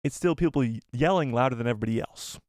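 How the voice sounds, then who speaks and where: A man hosting a live fan show, chatting casually, reading donation messages and reacting with animated repeats. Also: mid-range voice, very fast, no echo, studio quality. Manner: animated, exclaiming, repeats himself.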